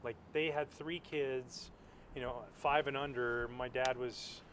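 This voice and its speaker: Relaxed reflective man from Canada. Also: mid-range voice, measured pace, a little hiss or hum. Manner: relaxed and reflective, filler-heavy. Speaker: interview guest, former pitcher. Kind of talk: casual interview chat. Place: outdoors at a ballpark.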